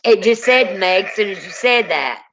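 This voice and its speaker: A woman hosting a paranormal livestream, chatting casually and teasing, quick to laugh. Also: mid-range voice, expressive, a bit bright, faint music behind. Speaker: paranormal show host.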